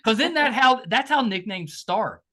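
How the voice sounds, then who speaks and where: A man's voice: extremely high pitch, moderate pace. A man hosting a podcast, chatting casually and joking with his guest. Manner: lively, joking, laughs easily. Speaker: podcast host. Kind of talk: casual interview chat.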